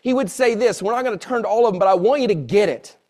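A man's voice: high-pitched, fast, darkish tone. A man preaching a sermon, earnest and repeating phrases for emphasis. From Southern United States. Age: 40s.

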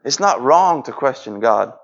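A man's voice: mid-range voice, expressive, unhurried, creaky, fairly bright tone, dull audio. A man preaching a sermon in an earnest way, repeating phrases and acting out pleading prayers.

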